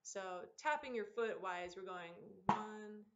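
A woman teaching an online drum lesson, explaining patterns in a relaxed, encouraging way and counting aloud. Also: mid-range voice, slow, very noisy. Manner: counts aloud and vocalizes rhythms over drumming. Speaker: percussion teacher. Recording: dull lo-fi sound with loud drumming behind. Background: loud percussion.

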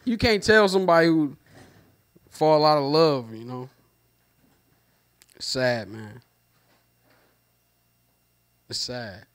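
A man's voice: on the high side, slow, long pauses. A man doing a stand-up comedy set, talking in loose slang, repeating lines and trailing off.

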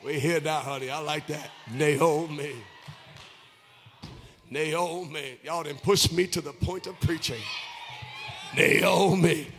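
A man pastor preaching a sermon, sometimes half singing, moving between shouted lines and quiet asides. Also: brisk, hardly any pauses, long reverb tail, soft background music. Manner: impassioned, half-sung preaching that swings from shouts to low asides.

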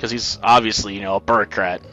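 A man's voice: lowish voice, steady tone, fast talker, sharp tone, soft background music. A man hosting a let's play, making sarcastic, joking asides about the game's story. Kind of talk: casual game commentary.

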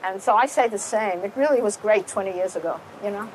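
A woman's voice: medium pitch, a little fast. Rambling New woman on a noisy street. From the Bronx. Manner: rambling, many fillers. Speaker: interviewee. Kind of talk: casual interview.

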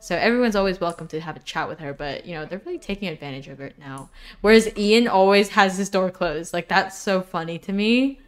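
A woman's voice: on the low side, a little fast, smooth. Chatty young woman narrating a life-sim game. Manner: chatty, giggly, addresses viewers as guys. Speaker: let's play creator. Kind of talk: casual game commentary. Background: faint background music.

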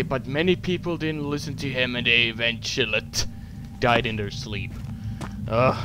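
A young man commenting to himself while playing a horror game, joking and swearing between jumpy moments. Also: medium pitch. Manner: talks to himself, swears, jokes, screams at scares. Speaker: gameplay commentator. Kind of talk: horror let's play commentary. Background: game music.

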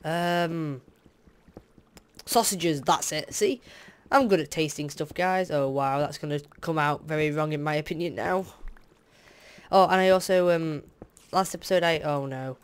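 A man's voice: on the high side, measured pace, long pauses, clean tone. A young man doing casual, rambling gameplay commentary as a Let's Play host. He is tired, fills the talk with "um"s, and drifts into candid asides. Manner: rambling and hesitant, full of fillers, candid asides. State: tired, yawning.

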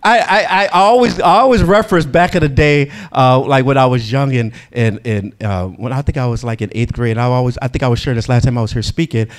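A man preaching a sermon in an animated way, acting out quotes and laughing between lines. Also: medium pitch, a little fast, few pauses.

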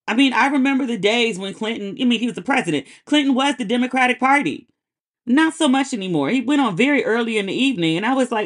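A woman podcast host giving casual, opinionated pop-culture commentary in a chatty, sassy way. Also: mid-range voice.

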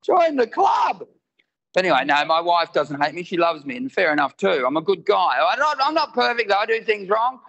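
High, gravelly man doing stand-up. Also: fairly quick, few pauses, dull audio. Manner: animated, shouting punchlines. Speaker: stand-up comedian. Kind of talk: stand-up comedy set. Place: live venue with audience.

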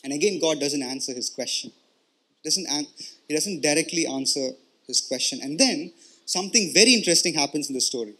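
A man's voice: a little high, lively intonation, a little fast, sharp tone, husky. A male pastor preaching in a conversational, explanatory way, often checking in with "right?" and "you know" and repeating words as he goes. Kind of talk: conversational sermon.

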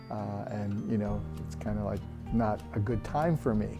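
A man in his thirties telling a personal faith story in an earnest, halting way with frequent restarts. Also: on the low side. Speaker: church member sharing a testimony. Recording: soft guitar music behind. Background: soft guitar music.

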